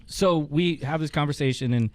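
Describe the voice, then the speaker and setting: A man's voice: on the high side, normal speed, a little mellow, no echo. A man hosting a casual chat, telling a long story with swearing and laughter. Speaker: podcast host.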